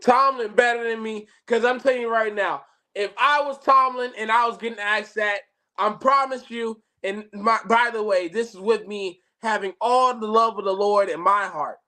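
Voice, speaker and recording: A podcast co-host in casual sports chat, emphatic and rising to rhetorical outbursts, then dropping soft. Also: medium pitch, steady tone, normal speed. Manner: emphatic, rhetorical questions, swings loud and soft.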